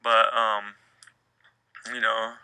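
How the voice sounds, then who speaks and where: A man's voice: on the low side, flat delivery, very slow, bright, forceful tone, smooth, no echo, low-quality recording. A young man hosting a casual solo podcast, telling a rambling, profane and jokey story. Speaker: podcast host.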